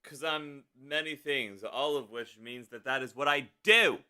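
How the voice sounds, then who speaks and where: A man's voice: mid-range voice, measured pace, pushed and bright, clean tone. A man live-streaming, talking casually to himself and his chat as he works out drum parts, humming rhythms under his breath. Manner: mutters to himself, hums drum rhythms, reads chat aloud. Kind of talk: casual live-stream talk while composing music.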